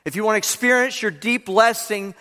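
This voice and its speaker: A man's voice: high voice, a little fast, pushed and bright, long reverb tail. A man preaching a sermon to his congregation, who leads them in repeating key lines aloud. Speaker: pastor. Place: church sanctuary.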